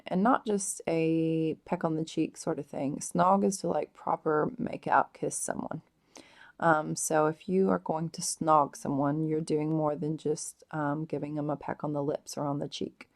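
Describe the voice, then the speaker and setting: A woman explaining slang words in a casual vlog, hesitant and full of drawn-out ums. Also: sits low. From United States. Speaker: vlogger explaining British slang.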